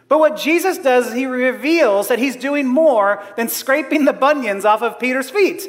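High-voiced man preaching in a reverberant hall. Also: animated, normal speed, few pauses. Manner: humorous, self-deprecating, laughs often. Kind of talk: sermon.

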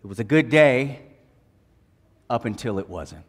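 A man preaching a sermon, retelling a gospel scene in dramatic, folksy storytelling that swings between hushed and loud passages. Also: mid-range voice, expressive, measured pace. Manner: casual, folksy turns of phrase.

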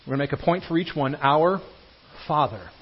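Husky preacher, earnest and emphatic. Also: male voice, on the high side, lively intonation, a little fast. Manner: earnest, emphatic preaching with wide swings from loud to hushed. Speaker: pastor. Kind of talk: sermon. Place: church sanctuary. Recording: dull lo-fi sermon recording.

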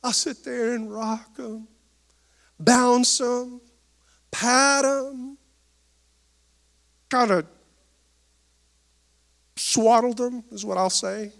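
A man in his thirties delivers a sermon in a high-pitched voice. He preaches with swelling emphasis and folksy humor, calling on the congregation for amens. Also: fairly even intonation, extremely slow, gravelly, long pauses, a bit bright. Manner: preacherly, rising and falling emphasis, calls for amens. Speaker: pastor.

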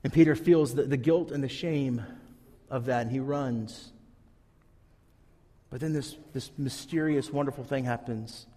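A man delivering a sermon as a pastor recounts a Bible story earnestly, acting out what the characters say. He has a mid-range, warm voice at a measured pace, recorded in a large hall.

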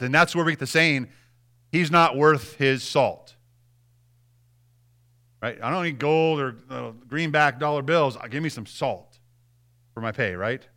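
Guy preaching in church, bright voice, kinda high, keeps hammering the same words, talks right at you. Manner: emphatic, repeats phrases, addresses listeners directly. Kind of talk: sermon.

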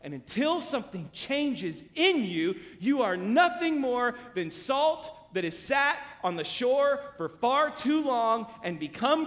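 A male pastor preaching a sermon, telling stories animatedly with big swings from loud to hushed. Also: extremely high pitch. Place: church sanctuary. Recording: long church hall reverb.

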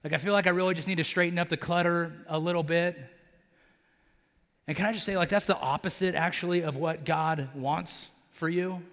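A man's voice: fairly high pitch, fairly even intonation, brisk, fairly bright tone, big-room sound. A man preaching a sermon as a pastor, talking casually with lots of fillers and acting out characters' lines as he tells the story. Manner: conversational, many fillers like "like" and "right?". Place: church sanctuary.

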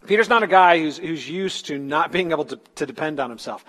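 A man's voice: fairly high pitch, a little fast, a bit bright, in a large hall. A man preaching a sermon in a casual storytelling way, acting out the quotes in everyday slang. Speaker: pastor.

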